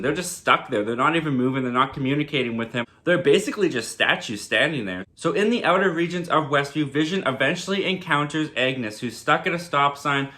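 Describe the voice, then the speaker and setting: A man's voice: mid-range voice, bright, forceful tone. A man giving a casual TV episode recap in a chatty way, full of "like" and "kinda". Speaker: TV reviewer.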